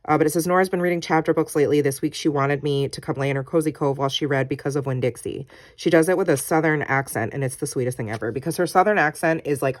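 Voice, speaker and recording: Chatty woman with a low voice. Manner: chatty, reads her journaling aloud, many ums and likes. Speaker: crafting vlogger. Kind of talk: casual scrapbooking walkthrough.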